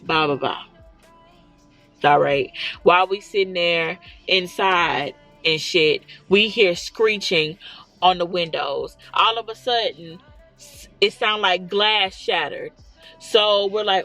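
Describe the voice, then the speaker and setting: Young woman, storytime vlogger; lively, chatty, keeps checking in with her viewers; soft music bed. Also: lowish voice, measured pace. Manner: animated, talks straight to viewers with "y'all" and "okay?". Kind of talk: casual storytelling.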